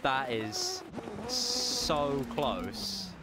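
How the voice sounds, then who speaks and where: A tired young man chatting casually as a sim racing streamer, relaxed and rambling with frequent chuckles. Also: on the high side, drawn-out words, heavy background noise. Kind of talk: casual live stream chat.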